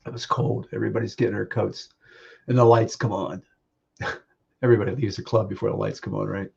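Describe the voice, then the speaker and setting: A man sharing personal memories at a memorial, speaking in halting phrases with restarts and small laughs. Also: on the low side, fairly even intonation, creaky, darkish tone, slightly rough, dull audio. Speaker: speaker giving a eulogy. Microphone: video call.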